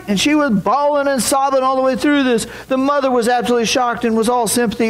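A man as pastor, giving an earnest, unhurried sermon with a story and a prayer. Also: extremely high pitch, poor audio.

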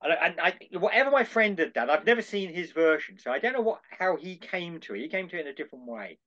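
Older man telling an animated story. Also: high voice, fast. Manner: animated, acts out dialogue in voices. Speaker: podcast guest. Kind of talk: anecdotal storytelling. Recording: dull lo-fi call audio.

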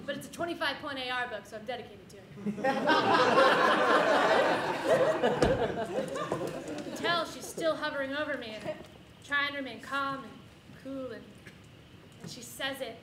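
A woman's voice: sits high, slow pace, pauses often, over a noisy crowd. A woman giving a live, comic personal storytelling performance on stage before an audience. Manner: comic, animated, with audience laughter between lines. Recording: echoey room with background noise.

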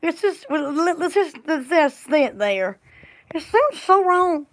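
A woman's voice: sits high, big pitch swings, a little slow. A woman chatting casually on a live store video, giggly and silly, drawing out words playfully. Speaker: store vlogger.

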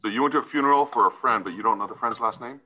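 A man's voice: medium pitch, racing, pushed and bright, low-quality recording. A man serving as a judge, sternly lecturing a defendant in a courtroom hearing and often tagging his points with "right?".

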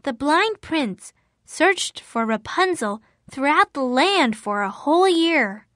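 High slow woman storyteller. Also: expressive, fairly bright tone, no room sound, studio quality. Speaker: narrator. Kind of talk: storybook reading for language learners.

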